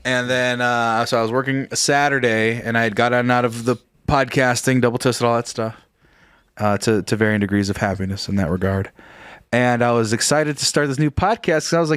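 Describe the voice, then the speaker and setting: A man's voice: mid-range voice, fairly even intonation, fairly quick, fairly bright tone, clear, resonant tone, no room sound. A male podcast co-host, slightly tipsy, telling rambling, profane stories in casual chat on a close mic. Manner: rambling storyteller, swears freely.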